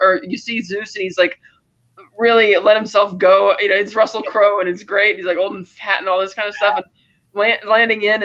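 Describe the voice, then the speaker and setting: Bright, animated man retelling a film. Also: high voice, highs cut off. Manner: animated plot retelling, acting out lines. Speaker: podcast co-host. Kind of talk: casual movie review chat.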